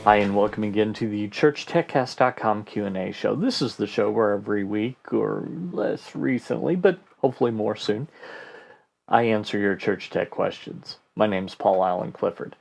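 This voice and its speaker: A man hosting a casual question-and-answer podcast, answering listener questions in a relaxed way and thinking aloud with fillers. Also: fairly low pitch, moderate pace, gravelly. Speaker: host.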